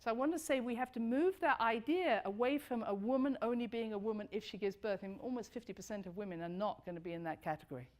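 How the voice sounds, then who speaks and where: A middle-aged woman giving a lively talk to an audience, swooping high for emphasis and dropping low and soft. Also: quick pace, few pauses.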